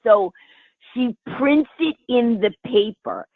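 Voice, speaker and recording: A woman's voice: on the high side, slow pace, dry recording. A comedian from New York City telling a funny story, acting out the voices of the people she quotes. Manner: animated, acts out quoted voices. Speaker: guest, comedian. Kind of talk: comic storytelling. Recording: tinny phone line, dry.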